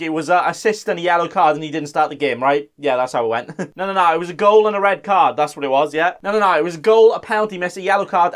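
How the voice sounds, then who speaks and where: A young man hosting a fantasy football vlog, sarcastic and self-mocking, often arguing back at himself. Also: high-pitched. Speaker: fantasy football channel host. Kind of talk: casual vlog commentary.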